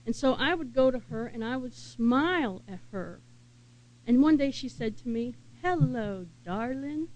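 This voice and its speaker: A woman preaching a sermon in an earnest, unhurried way and asking her listeners many questions. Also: on the high side, highs cut off.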